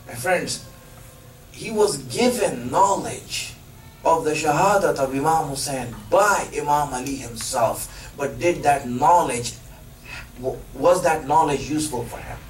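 A man preaching a sermon, telling a story in halting phrases with many fillers and posing emphatic questions to his listeners. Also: high-pitched, a little hiss or hum. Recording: echoey room from a distance.

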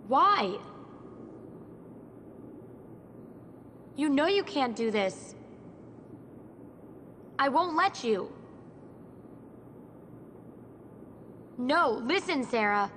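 A desperate birth mother who refuses to be kept from her son. Her voice sits high and her talk is urgent, insistent and pleading throughout this dubbed drama scene. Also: lively intonation, a little slow, long pauses, a little hiss or hum.

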